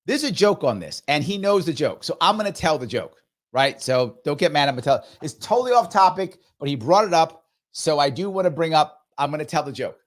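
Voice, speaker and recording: A man hosting a live commentary show, talking in an animated way and often asking rhetorical questions. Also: on the high side, a little fast. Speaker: host.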